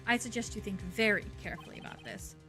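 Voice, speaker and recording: Cold, lecturing young male prosecutor in a game, read by a woman, with a bright voice and faint game music. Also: medium pitch, animated. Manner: measured, lecturing and cutting. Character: cool, formal male prosecutor, young adult. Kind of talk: fan voice-over of a game's dialogue.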